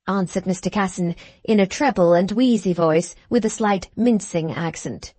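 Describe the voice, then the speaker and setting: A woman narrating a classic novel aloud in a measured, even storytelling manner. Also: mid-range voice, no echo. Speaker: audiobook narrator.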